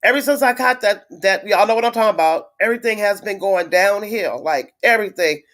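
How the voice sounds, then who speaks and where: A woman chatting casually on a live stream to her viewers, venting in a frustrated, blunt way with swearing and halting restarts. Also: medium pitch, a bit bright. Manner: halting with many fillers and restarts. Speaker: livestreamer greeting viewers.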